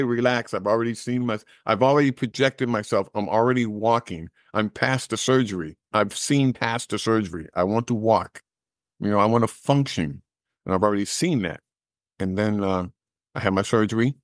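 A middle-aged man telling a personal story as an interview guest, animated and acting out the dialogue he recalls. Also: on the low side, dry recording, studio quality. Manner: animated storyteller who acts out quoted dialogue, laughs at his own jokes.

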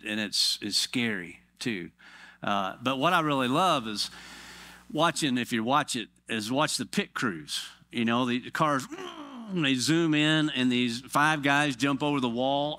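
Bright-voiced pastor, joking from the pulpit. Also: male voice, mid-range voice, no room sound. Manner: joking, animated storytelling with quick voiced asides. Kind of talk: sermon. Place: church.

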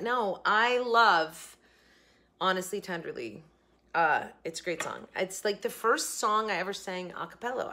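A woman vlogging in a casual, chatty and rambling way, excitable as she talks to her viewers. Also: medium pitch. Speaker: food and bargain vlogger. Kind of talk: casual vlog chat.

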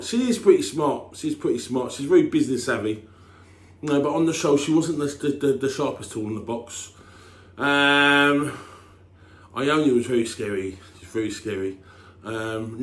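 An English man chatting casually as a TV personality, rambling and restarting, breaking into loud catchphrase shouts. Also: reverberant. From England. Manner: rambling, full of restarts and "you know what I mean", bursts into loud "Boom" shouts. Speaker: TV personality answering fan questions. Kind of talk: casual chat.

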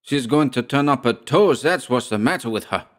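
A man's voice: medium pitch, lively intonation, normal speed, pitched above the performer's own voice, lightly acted. A man voicing a stingy, indecisive peasant farmer who stammers and wheedles in a storybook reading. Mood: wheedling.

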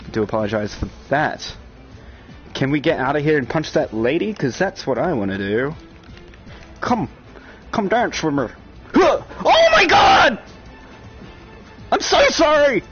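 A man giving excited live-stream commentary on a VR shooter, chatting with viewers and breaking into loud outbursts. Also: mid-range voice. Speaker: VR game streamer. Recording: dull lo-fi stream audio with game music and gunfire. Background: game music and gunfire.

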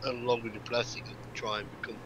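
A man speaking in character as a player in a tabletop game over online voice chat, earnest and measured. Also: mid-range voice, little pitch movement, a bit bright, a little hiss or hum, low-quality recording.

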